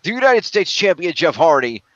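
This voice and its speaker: A slightly high-voiced man with big pitch swings and a bit of brightness co-hosts a podcast, chatting through a recap of the week's wrestling and its scores. At a moderate pace he narrates events and voices quotes in a raised tone, recorded with no echo but with the highs cut off.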